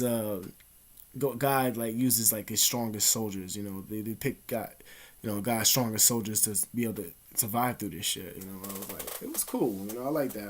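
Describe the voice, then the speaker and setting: A man vlogging in a rambling, profane, animated storytelling monologue. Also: fairly low pitch. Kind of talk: casual monologue.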